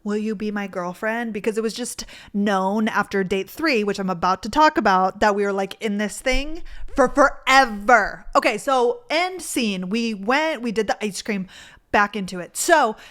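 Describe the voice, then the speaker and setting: A woman's voice: mid-range voice, normal speed, fairly bright tone. A young woman telling a dating story in a casual, rambling way, with lots of "like" and gushing asides. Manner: gushing, rambling, filler-heavy with frequent "like". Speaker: vlogger.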